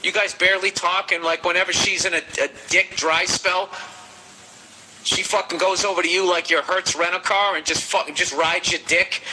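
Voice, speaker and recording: A man with a Boston accent hosting a podcast, giving comedic advice in a profane, animated rant. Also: high-pitched, slight background noise, rough recording. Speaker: podcast host.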